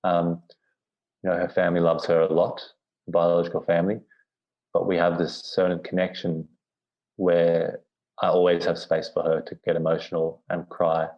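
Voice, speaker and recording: Being interviewed on a podcast, a low-voiced man tells a personal story in a monotone at normal pace. His reflective storytelling wanders, full of "you know" and sentences he begins again. The recording sounds dull and lo-fi.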